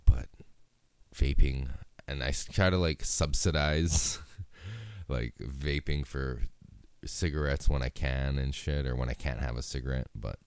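Solo podcast host, young man, very low gravelly voice, dark tone, rambling and profane. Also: measured pace, no room sound. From Hawaii. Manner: laid-back, rambling, heavy swearing. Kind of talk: casual solo podcast chat.

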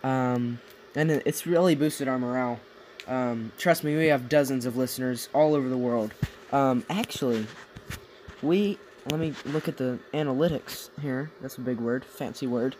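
A man's voice: mid-range voice, moderate pace, a little mellow, slight background noise, rough recording. A young man co-hosting a casual podcast late at night in a basement, rambling, tired and goofy, laughing at his own jokes. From United States. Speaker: podcast co-host. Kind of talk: casual chat. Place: home basement.

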